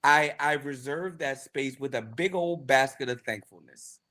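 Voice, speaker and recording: A man co-hosting a talk podcast, speaking casually but with emphatic, sermon-like repetition. His voice sits at an ordinary middle pitch as he builds each point. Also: unhurried, bright, forceful tone. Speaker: podcast co-host. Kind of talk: casual chat.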